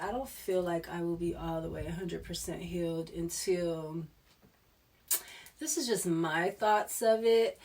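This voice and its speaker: Woman tarot reader, unhurried rambling chat, mid pitch, voice set back from the mic. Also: darkish tone, recorded from a distance. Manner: rambling, laughs often, with restarts. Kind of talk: casual spiritual chat.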